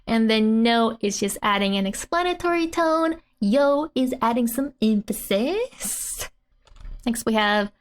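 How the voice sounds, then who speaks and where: A woman's voice: a little high, lively intonation, measured pace. A woman teaching a casual language lesson from a comic, laughing often as she explains.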